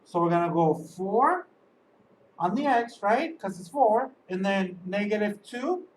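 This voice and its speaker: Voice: medium pitch, expressive, a little slow. Math teacher, recorded video lesson, patient, step-by-step, keeps asking "okay?", distant mic, faint background noise. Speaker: high school math teacher.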